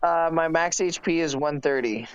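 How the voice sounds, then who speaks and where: A man's voice: fairly high pitch, moderate pace, dull audio, music in the background. A man player in a tabletop game, talking through rolls and hit points matter-of-factly. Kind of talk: casual tabletop chat.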